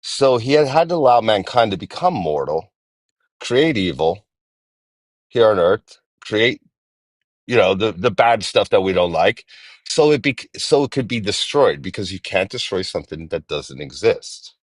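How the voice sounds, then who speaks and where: A man in his forties calling in to a live-stream debate, talking in halting restarts and repeating himself. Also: lowish voice, sing-song, no echo. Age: 40s. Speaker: guest caller.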